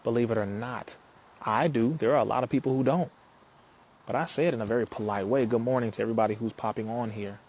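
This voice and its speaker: Speaking fast in a mid-range, slightly mellow voice with fairly even intonation, a man reads and responds to viewer comments on a casual live stream. He is preachy and emphatic and repeats himself, and there is a little hiss or hum.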